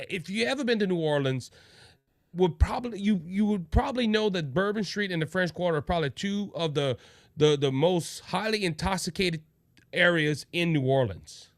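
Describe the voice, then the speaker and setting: A somewhat high-voiced man hosts a casual political talk stream, from Louisiana. He rambles, doubles back and restarts his sentences. The sound is close and dry. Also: no room sound. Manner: rambling, repeats himself and restarts; reads comments aloud. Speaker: podcast host.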